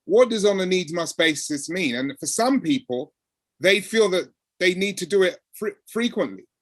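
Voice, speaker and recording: A man's voice: high-pitched, moderate pace, no room sound. A man talking conversationally about workplace experiences, acting out the exchanges he describes. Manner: animated, acts out quoted exchanges. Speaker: speaker on code switching. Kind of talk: conversational talk.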